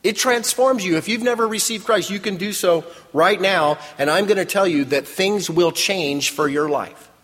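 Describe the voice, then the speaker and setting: A man's voice: high voice, normal speed, few pauses, a bit bright. A man preaching a sermon as pastor, with emphatic call-and-response. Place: church sanctuary. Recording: long reverb in a large hall.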